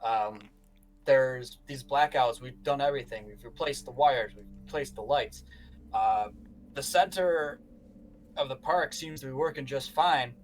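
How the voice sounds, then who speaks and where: A man's voice: mid-range voice, measured pace, faint music behind, close to an everyday voice. A man playing a weary, blunt power company manager. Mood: exasperated. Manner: blunt, exasperated.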